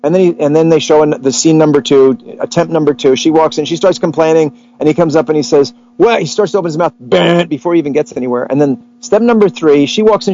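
A man hosts a casual talk, telling anecdotes in an animated way and jumping into voices for the people he quotes. His voice sits a little high for a man. The recording sounds dull and lo-fi. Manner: animated storyteller, acts out quotes. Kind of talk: casual chat about relationships.

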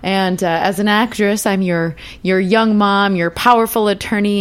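A woman's voice: medium pitch, fairly even intonation, normal speed, clean tone. A woman from Minnesota with a general American accent, a singer and actress chatting amiably as a studio guest. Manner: friendly, chatty, easy laughter. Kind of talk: interview conversation.

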